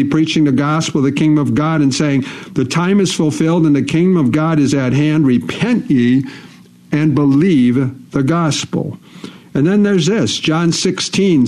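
A man delivering a sermon in a somewhat high voice. He reads scripture aloud and repeats phrases for emphasis. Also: a little mellow. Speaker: preacher.

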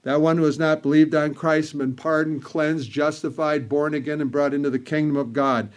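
A man preaching a sermon, speaking in measured phrases, repeating words for emphasis and quoting old scripture wording. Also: a little high, steady tone.

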